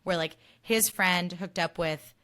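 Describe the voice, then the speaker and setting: Young woman, podcast host, lowish voice, casual recap, emphatic rants, swears a lot. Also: measured pace, a bit bright. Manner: emphatic, ranting, swears freely.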